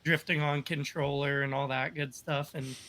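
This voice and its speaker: A man's voice: on the high side, level tone, moderate pace, pushed and bright. A man telling stories on a podcast in a casual, upbeat, rambling way with lots of fillers. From United States. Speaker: podcast guest. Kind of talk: casual storytelling.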